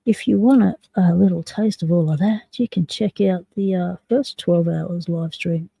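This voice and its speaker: Gravelly Australian woman streamer. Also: lowish voice, normal speed, warm tone, dry recording, rough recording. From South Australia. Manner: chatty, jokey, talks to chat while picking locks. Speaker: live stream host. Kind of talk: casual live stream chat.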